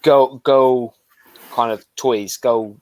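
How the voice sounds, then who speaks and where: A man co-hosting a casual toy livestream, telling car boot stories in a relaxed, halting way. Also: mid-range voice. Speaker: toy show co-host.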